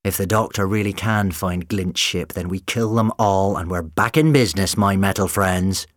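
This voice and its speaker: A man voicing a cold, scheming female killer robot in a woman's guise, speaking brisk and raised. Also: low voice, no room sound, clean studio sound, close to an everyday voice.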